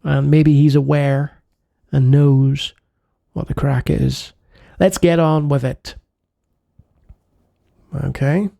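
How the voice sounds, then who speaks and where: A man's voice: a little high, steady tone, slow, vocal fry, long pauses, dark tone, no room sound. A man hosting a retro game channel, giving playful let's-play commentary with jokey asides.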